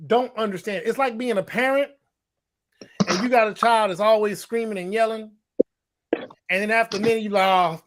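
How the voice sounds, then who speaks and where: A man's voice: sits high, fairly even intonation, brisk, long pauses, a bit bright, slight background noise. A man co-hosting a casual discussion podcast, talking emphatically, repeating himself and acting out quotes. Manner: emphatic, repetitive, acts out quotes. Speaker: podcast co-host.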